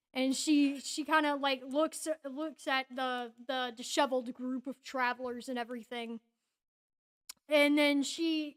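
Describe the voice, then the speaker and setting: A woman narrating a tabletop game as game master, excited and giggly, with lots of fillers. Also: high voice, measured pace.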